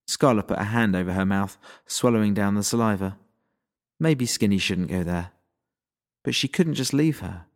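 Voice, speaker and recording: A man reads an audiobook in a measured, dryly wry storytelling voice. His voice sits on the lower side of the male range. His pacing is steady and deliberate. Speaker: narrator. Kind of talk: audiobook narration.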